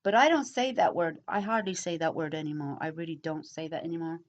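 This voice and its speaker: A middle-aged woman chatting casually as she answers comments, talking slowly and rambling with pauses and fillers. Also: sits low, highs cut off. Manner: slow, rambling, pausing, with many fillers. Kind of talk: casual chat.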